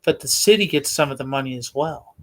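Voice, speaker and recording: A man co-hosting a sports podcast, explaining calmly in casual chat. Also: medium pitch, brisk. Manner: calm explainer with many short backchannels.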